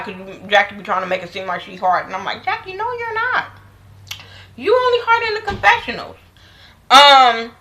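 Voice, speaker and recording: A woman's voice: medium pitch, bright, forceful tone, rough recording. A woman giving a blunt, profane, slang-heavy casual review of a reality TV episode. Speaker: reality TV recap vlogger.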